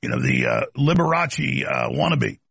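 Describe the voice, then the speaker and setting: A man's voice: medium pitch, wildly swooping pitch, moderate pace, vocal fry, fairly bright tone, breathy edge, no room sound. A man hosting a talk show, delivering an aggressive, mocking rant. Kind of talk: combative talk show monologue.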